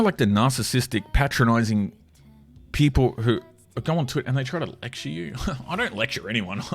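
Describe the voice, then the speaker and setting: A man's voice: medium pitch, fairly bright tone. A man giving casual, profane commentary, sarcastic and mocking, laughing between jabs as he reacts to online posts.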